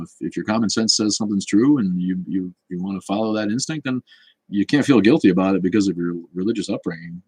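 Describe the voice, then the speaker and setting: Deep husky dude chatting on a stream, snarky, lots of restarts, dry sound. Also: male voice, a little mellow, dry recording, rough recording. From Boston area. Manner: snarky, rambling, with many restarts. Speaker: livestream host answering chat. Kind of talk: casual livestream chat.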